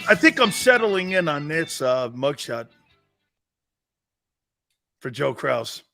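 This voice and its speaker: Brash, animated male sports talk host. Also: a little high, takes it slowly, gravelly, faint music behind. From Italian-American.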